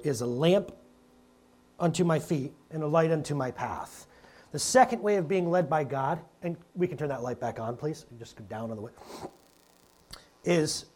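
A man's voice: a little high, darkish tone. A man preaching a sermon to his congregation, conversational and chatty, often calling them "guys". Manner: conversational, calls the congregation "guys", jokes aside. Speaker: pastor. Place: church hall with a congregation.

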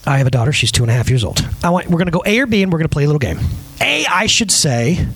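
Man, 30s, pastor, sermon, husky, lively pitch, emphatic, questions the crowd. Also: rapid-fire. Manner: emphatic, animated preaching to a congregation, asking the crowd questions. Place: church service before a live audience.

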